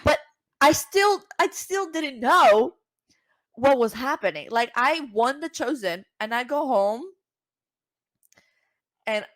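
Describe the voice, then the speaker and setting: Animated woman telling a story, dry sound. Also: slow, pauses often, dry recording. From Cuba. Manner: animated, acts out quoted voices with big pitch jumps. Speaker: podcast guest, singer. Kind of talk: casual storytelling.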